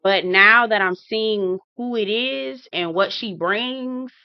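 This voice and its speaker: A woman's voice: mid-range voice, slow pace, smooth, dry recording, highs cut off. A woman giving casual commentary to her viewers, talking to them directly and acting out her own reactions. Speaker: TV reality show reviewer.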